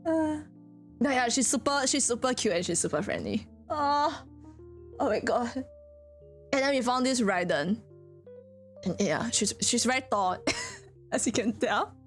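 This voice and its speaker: A woman's voice: fairly high pitch, unhurried, long pauses, soft background music. A woman streamer chatting casually with her viewers, telling stories with lots of giggling. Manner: giggly, animated storytelling with frequent laughter.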